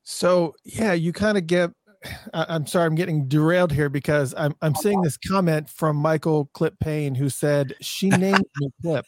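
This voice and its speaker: A man's voice: on the high side, normal speed. A man hosting an interview, asking questions in an enthusiastic, chatty way. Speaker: host. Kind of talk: casual interview chat.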